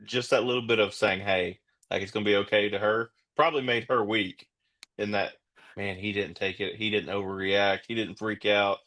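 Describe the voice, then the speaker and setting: A middle-aged man, a former police officer, speaking as a guest in a steady, plain-spoken, reflective way. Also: fairly low pitch, moderate pace. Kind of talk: casual interview chat.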